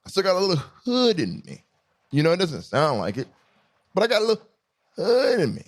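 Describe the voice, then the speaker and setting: A man hosting his podcast, riffing in an animated, profane, emphatic way in casual chat. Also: high-pitched, fast. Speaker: podcast host.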